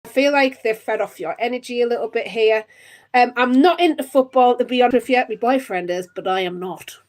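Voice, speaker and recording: Woman in her thirties, Northeast English accent, live tarot reading, chatty and giggly, fairly high voice. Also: fairly quick. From Northeast England. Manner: chatty, giggly, calls viewers my love. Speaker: tarot reader.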